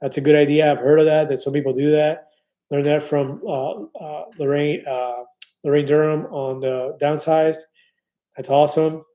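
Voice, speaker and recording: A man in his fifties hosts a casual live stream, his mellow voice on the high side with fairly even intonation at normal speed. Upbeat and chatty, he reads viewer comments aloud, full of fillers and restarts.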